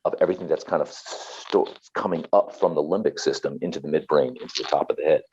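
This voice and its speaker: A man's voice: very deep voice, fast talker, a little mellow, breathy edge, dull audio. A man, a therapist and author, talking earnestly and passionately as an interview guest, often repeating himself.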